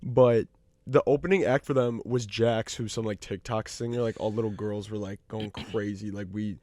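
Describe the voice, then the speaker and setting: A man's voice: lowish voice, steady tone, normal speed, darkish tone. A man co-hosting a casual podcast, telling chatty anecdotes and laughing often. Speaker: podcast co-host. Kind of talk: casual chat.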